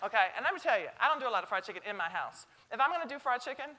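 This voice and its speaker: Bright-voiced Southern woman cooking live. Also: a little high, very animated, racing, a little hiss or hum. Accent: Southern American. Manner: chatty, joking, talks to the audience. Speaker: cooking demonstrator. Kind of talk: live cooking demonstration to an audience. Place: stage kitchen before a live audience.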